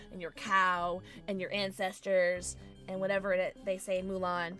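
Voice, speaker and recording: A young woman streaming a video game, excitable, swearing and joking about her own play. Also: lowish voice, normal speed, faint music behind. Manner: excitable, swears a lot, self-deprecating. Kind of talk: live gameplay commentary.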